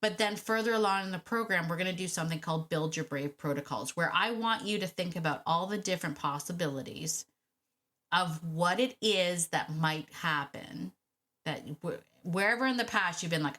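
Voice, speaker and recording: A woman dog trainer hosting a solo podcast, speaking directly to listeners in an animated, encouraging way and repeating her key points. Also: on the low side. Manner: animated, repeats key phrases, acts out quick quoted thoughts. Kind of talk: solo podcast coaching talk.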